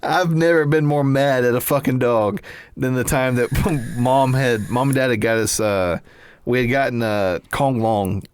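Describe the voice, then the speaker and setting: A man's voice: mid-range voice, normal speed, slight background noise. A man co-hosting a podcast, telling family stories in an easygoing way, often chuckling and adding quips. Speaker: podcast co-host. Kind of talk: casual storytelling chat.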